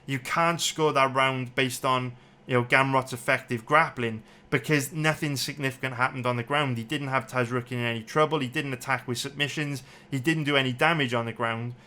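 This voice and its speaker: Fuming, this fight analyst walks through an MMA bout one round at a time, cursing and going over the same points as his anger builds. He talks a little fast in a steady, medium-pitched voice that sounds pushed and bright.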